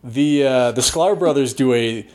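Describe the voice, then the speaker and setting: A man's voice: medium pitch, measured pace, a little mellow. A man co-hosting a podcast, bantering in a wry, playful way. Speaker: podcast co-host. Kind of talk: casual chat.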